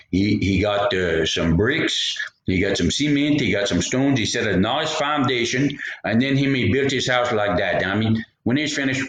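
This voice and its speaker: A man's voice: fairly low pitch, fairly bright tone. Rambling storyteller man. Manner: rambling, jokey asides. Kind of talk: folksy storytelling. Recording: roomy echo.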